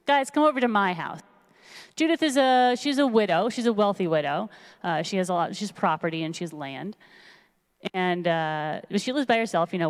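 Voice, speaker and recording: A woman rabbi retelling a story in a casual, lively sermon in a synagogue sanctuary. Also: fairly low pitch. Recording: long reverb of a large hall.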